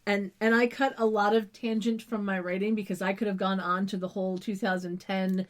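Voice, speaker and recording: A woman's voice: mid-range voice, little pitch movement, brisk. A young woman co-hosting a podcast, rambling through a casual recap with detailed descriptions and casual swearing. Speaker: podcast co-host.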